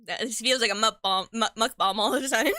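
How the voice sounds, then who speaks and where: Bright-voiced young woman chatting while eating. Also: fairly high pitch, fast talker, no room sound, studio quality. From Mexican heritage. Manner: chatty and rambling, stumbles over words, slangy, laughs often, talks with mouth full. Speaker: streamer. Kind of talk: casual chat while eating.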